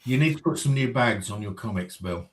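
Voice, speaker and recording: A man's voice: on the low side, animated, a little fast. A man chatting casually, teasing his friend with jokes. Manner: teasing, joking. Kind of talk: casual chat.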